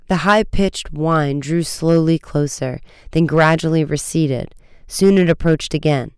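A man narrating a storybook chapter in a steady, measured reading. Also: a little high, smooth, dry recording, studio quality. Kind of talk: audiobook reading.

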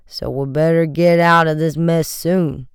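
A stout, nervous teenage boy, as an audiobook reader puts him on, his pleas pitched high and anxious. The sound is crisp, very clear and dry. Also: steady tone, measured pace, dry recording, natural voice. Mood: fretful. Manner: anxious, pleading.

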